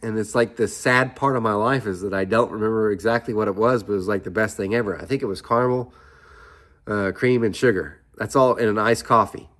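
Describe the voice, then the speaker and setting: A middle-aged man chats to his viewers in a loose, rambling way. His voice sits low and deep. He drifts from one aside to the next like he's talking with a friend. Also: steady tone, fairly quick, fairly bright tone. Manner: rambling, chatty storytelling with asides. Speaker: vlogger. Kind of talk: casual chat.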